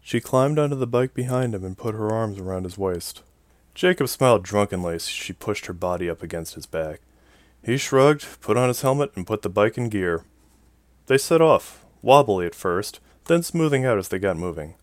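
A man narrating a science fiction story in an even, measured way. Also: fairly low pitch, no echo. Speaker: audiobook narrator. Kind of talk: scripted narration.

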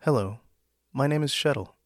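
A man's voice: mid-range voice, moderate pace, no echo, studio quality, pitched above the performer's own voice, close to an everyday voice. A man voicing an eager male door-to-door salesman of gods, with chirpy, ingratiating patter in a storybook reading.

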